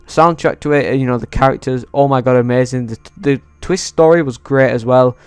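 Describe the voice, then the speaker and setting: Excitable male vlogger, casual and foul-mouthed, smooth mid-pitched voice. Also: a little fast, no echo, faint music behind. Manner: excitable, swears freely. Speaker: YouTuber. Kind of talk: casual movie ranking vlog.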